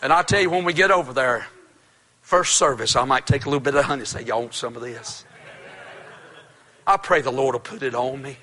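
Male pastor, shouting sermon, fervent, folksy, bright voice. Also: medium pitch, fast talker.

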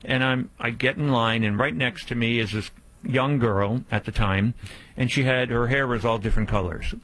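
Man, radio show host, middle-pitched voice, chatty rambling anecdote, lots of fillers. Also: fairly even intonation, fairly bright tone, poor audio. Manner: upbeat plug with slow repeated phone number. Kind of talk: casual storytelling on a call-in radio show.

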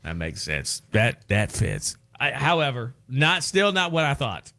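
A man's voice: medium pitch, wildly swooping pitch, measured pace, gravelly, sharp tone. A man with an Appalachian accent co-hosting a casual podcast chat in a joking, playful way. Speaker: podcast co-host.

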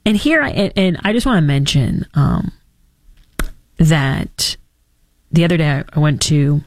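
A woman's voice: low-pitched, big pitch swings, unhurried, pauses often, dry recording. A woman hosting a talk radio show, delivering mocking commentary with dry sarcasm.

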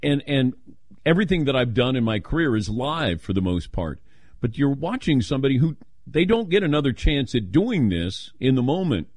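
A man's voice: mid-range voice, moderate pace, dry recording, studio quality. An older man hosting a talk radio show, chatting casually and telling stories with playful quoted voices. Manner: animated storytelling, playful voices when quoting.

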